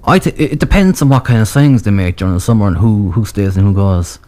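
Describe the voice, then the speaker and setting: Mellow, low-voiced man in a casual football chat. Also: animated, fast talker. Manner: hesitant, many restarts.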